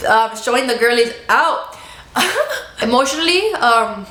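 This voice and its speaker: Woman, vlogger, casual chat to camera, expressive and laughing, fairly high voice, roomy echo. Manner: chatty and expressive, laughs often. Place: at home. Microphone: camera in front of her.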